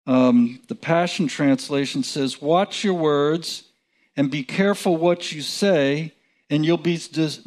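Slow-talking man teaching scripture. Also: on the high side. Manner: slow, chuckling, conversational with restarts. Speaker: preacher. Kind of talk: casual Bible teaching.

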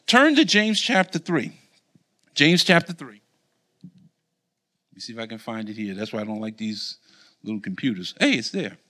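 Lively high-pitched male preacher. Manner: animated, quizzes the congregation. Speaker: Bible teacher. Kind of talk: sermon with call-and-response.

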